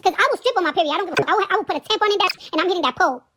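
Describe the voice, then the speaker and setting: A woman's voice: very high-pitched, very fast, noisy background. A brash woman from the Caribbean ranting profanely on a live stream, repeating herself as she goes. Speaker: livestreamer.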